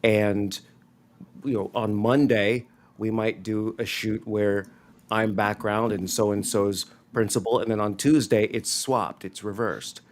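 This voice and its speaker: Male co-host, commercial actor; low voice, calm and measured. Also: a little hiss or hum. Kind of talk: casual chat.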